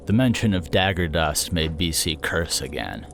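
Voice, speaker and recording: A man narrating a story in a steady, even storytelling manner. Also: deep voice, moderate pace, creaky, few pauses, soft background music. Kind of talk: audiobook narration.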